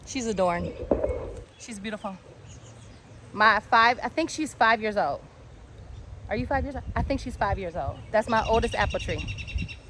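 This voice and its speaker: A woman giving a casual walk-and-talk tour of her backyard garden. She talks in an excitable, chatty way and drifts off topic easily. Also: mid-range voice, a little slow, long pauses. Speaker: home gardener and channel host. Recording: outdoor noise with birds and passing traffic.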